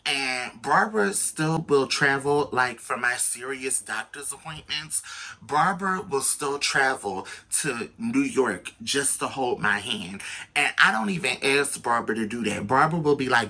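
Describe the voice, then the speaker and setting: A man telling a personal story to his viewers in a casual, animated, slangy way, speaking straight to the audience. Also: mid-range voice, measured pace. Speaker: storytelling vlogger.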